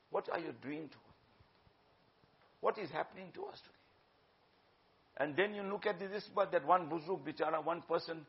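A man delivers a sermon, urging and exhorting his listeners and slipping into Urdu phrases. His voice sits high for a man. The recording is dull and lo-fi. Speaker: preacher.

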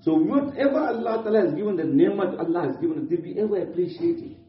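A man's voice: sits high, expressive, quick pace. A man preaching a sermon earnestly, repeating points in simple, non-native English phrasing. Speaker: Islamic preacher. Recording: distant, dull, echoey room.

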